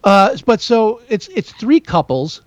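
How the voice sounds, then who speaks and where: A man co-hosting a podcast, reviewing a film in casual chat, rambling with many restarts and animated asides. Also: sits high, slow pace, no echo. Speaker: podcast co-host. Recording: dull lo-fi dry sound.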